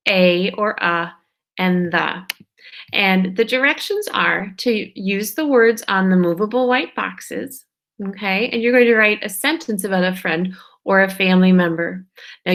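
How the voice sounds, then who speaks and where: Woman teacher, kindergarten phonics lesson; slow pace, draws out each sound, gentle check-ins. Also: medium pitch. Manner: stretches out sounds and words slowly, checks in with "okay?". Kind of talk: slow, patient phonics lesson for young children.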